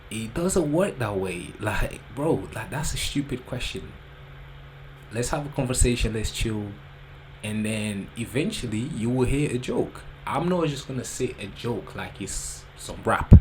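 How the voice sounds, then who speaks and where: A man chatting through a reaction video in a low-ish voice, loose and joking. Clear background noise runs under his talk. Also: a little slow. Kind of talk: casual commentary.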